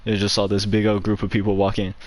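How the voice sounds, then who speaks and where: Rambling young man with a lowish voice. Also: completely flat delivery, fast, dry recording. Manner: rambling, heavy use of "like" fillers, laughs often. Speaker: gaming channel host. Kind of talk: casual storytelling.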